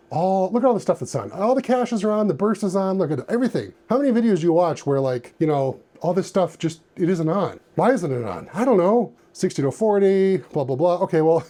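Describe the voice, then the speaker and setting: A man's voice: high voice, dark tone. Chatty man tinkering with old hardware. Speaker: retro computer channel host. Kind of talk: casual hands-on repair vlog. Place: home office workbench.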